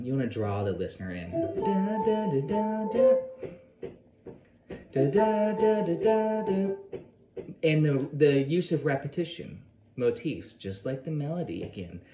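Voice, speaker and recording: A man's voice: lowish voice, warm tone. A man teaching a guitar lesson, scatting the phrases he plays and counting beats aloud between loose, rambling explanations. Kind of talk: guitar lesson with scat-singing. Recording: roomy sound with guitar playing behind. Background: guitar playing.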